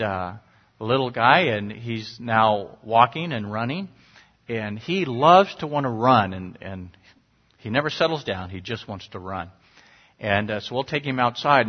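A middle-aged pastor with a husky mid-range voice delivers an earnest, conversational sermon. At times his voice jumps sharply for emphasis, and the recording is dull and lo-fi.

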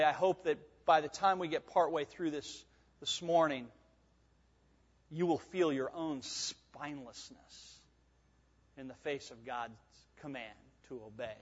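Man preaching with hushed-to-emphatic swings. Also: fairly high pitch. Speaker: pastor. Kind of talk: sermon. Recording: dull sound with long hall reverb.

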